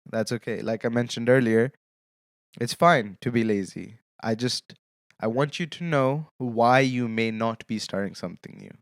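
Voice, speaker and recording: A man's voice: mid-range voice, no room sound, studio quality. A young man hosting his own solo podcast, talking casually with lame jokes and checking in with his listeners as he goes. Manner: casual, joking, often checks in with "okay?". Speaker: podcast host.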